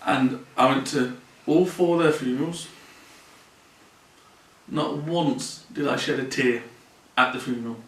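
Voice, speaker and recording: A man's voice: medium pitch, measured pace. A man talking earnestly and plainly in a personal vlog from his mother's home, often repeating his phrases. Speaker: vlogger. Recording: roomy sound from a distant mic.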